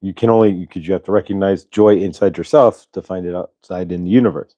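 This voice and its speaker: A man's voice: low voice, brisk, hardly any pauses, no echo. A man hosting a casual spiritual livestream, talking loosely and reading out viewers' chat messages. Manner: relaxed, rambling, reads chat aloud. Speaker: host.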